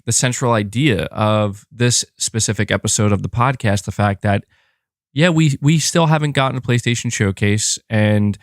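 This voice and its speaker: Podcast host, male, monotone and a bit sore-throated, low voice, dry close sound, rambling casual delivery. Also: no echo. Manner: rambling, restarts phrases, reads viewer comments aloud. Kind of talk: casual live-stream podcast chat.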